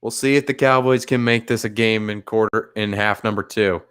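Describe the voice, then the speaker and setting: A man streaming live play-by-play commentary, narrating the game in a measured, plain way. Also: on the low side, fairly even intonation, fairly bright tone, clean tone.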